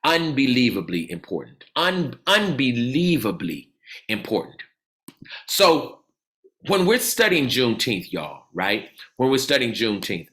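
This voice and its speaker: A man leading an audience in an energetic call-and-response lecture, cheering answers and repeating them with excitement. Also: medium pitch, a little slow. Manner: exuberant, repeats cheers like "come on" and "absolutely".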